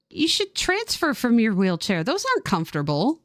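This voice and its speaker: A woman streamer giving casual game commentary in an animated, sarcastic way, with plenty of swearing. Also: mid-range voice, brisk, hardly any pauses, dry recording, studio quality.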